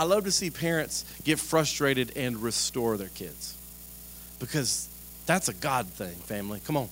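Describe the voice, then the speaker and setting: Guy preaching a lively chatty sermon, asks the crowd stuff, faint hum behind. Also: mid-range voice, a little slow. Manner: lively, conversational preaching with humor and direct questions to the congregation. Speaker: pastor.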